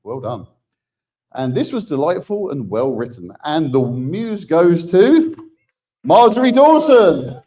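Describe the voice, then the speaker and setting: A man's voice: on the high side, very animated, slow pace, mellow. A man doing an exaggerated put-on Texan accent as a hammy, drawling awards announcer who whoops between names. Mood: hammy, whooping. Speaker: awards presenter.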